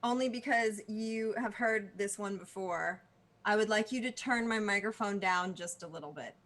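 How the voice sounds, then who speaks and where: A woman's voice: mid-range voice, moderate pace, a bit bright. A woman co-hosting a live comedy stream, chatting in a playful, giggly, self-deprecating way. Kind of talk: casual comedic banter.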